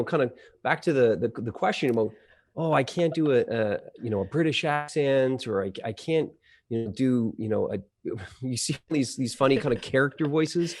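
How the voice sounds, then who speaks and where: A man's voice: mid-range voice, a little mellow. A man being interviewed as a company executive, explaining at length in a chatty way with lots of fillers and restarts. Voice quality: trained audio engineer. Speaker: CEO of a voice-over marketplace, guest. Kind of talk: conversational interview.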